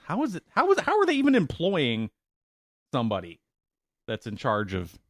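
A man's voice: on the high side, huge pitch swings, moderate pace, dry recording. Podcast co-host, male, casual and wordy, sarcastic, dry booth sound. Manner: chatty, searching for words, sarcastic asides. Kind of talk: casual chat.

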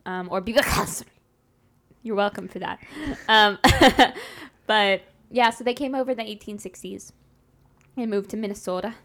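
A woman from Texas, co-hosting a podcast in casual chat, playful and quick to laugh, with many fillers. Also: mid-range voice, a bit bright. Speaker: podcast co-host.

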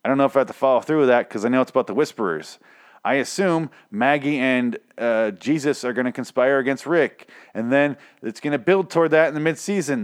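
A man hosting a casual show, rambling and swearing with exasperation, his voice hoarse and nearly shot. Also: medium pitch. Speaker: podcast host. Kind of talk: casual rant about a TV show.

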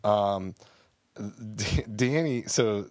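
Extremely slow yet lively in intonation, this man's lowish, darkish voice carries a casual, rambling podcast chat full of fillers and restarts. He's a co-host, recorded in clean studio sound with no room ambience.

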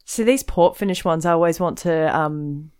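A woman's voice: deep voice, normal speed, a little mellow, clear, resonant tone. A woman co-hosting a casual chat, with a playful, teasing manner. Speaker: co-host.

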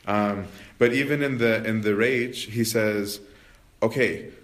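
A man with a somewhat low voice leads a relaxed spiritual lecture. He talks conversationally, keeps checking in with "right?" and fills pauses with "um". He acts out quotes with lively shifts in tone and volume. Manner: acts out quotes with expressive swings in pitch and volume. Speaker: religious study group leader.

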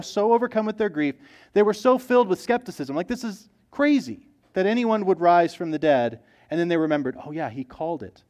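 A man's voice: fairly high pitch, a little mellow. A man preaching a sermon in a casual, conversational way, often acting out the voices of the people he quotes. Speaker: pastor.

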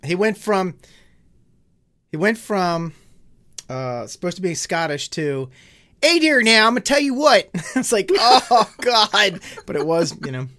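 A man's voice: fairly high pitch, fairly bright tone. A man co-hosting a casual interview, asking the guest questions and chiming in with playful remarks. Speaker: podcast co-host.

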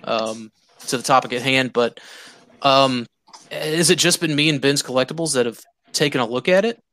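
A man's voice: mid-range voice, normal speed, fairly bright tone. A man hosting a casual podcast chat, rambling through his points with many restarts. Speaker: podcast host.

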